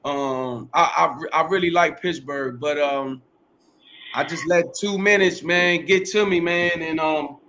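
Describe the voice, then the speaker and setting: A man's voice: a little high, unhurried, pushed and bright. A middle-aged man, a podcast host, telling his life story in a casual interview, rambling, repeating himself and using slang and profanity.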